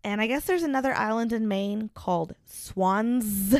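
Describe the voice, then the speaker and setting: A woman's voice: fairly high pitch, unhurried, clean tone, no echo, studio quality. A young adult woman co-hosting a podcast, chatting casually and laughing between remarks as she presents her research. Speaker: podcast co-host.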